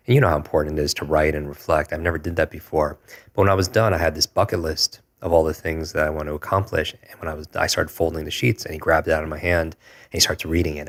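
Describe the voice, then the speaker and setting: A man in his forties with an extremely low voice tells a personal story as a podcast guest. He speaks earnestly and reflectively, often restarting, in a level, unvaried tone. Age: 40s.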